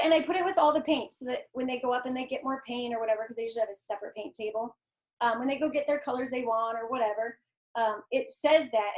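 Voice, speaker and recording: High-voiced, earnest woman. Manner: earnest, encouraging, acts out quotes. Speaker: guest artist and painting teacher. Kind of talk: conversational interview.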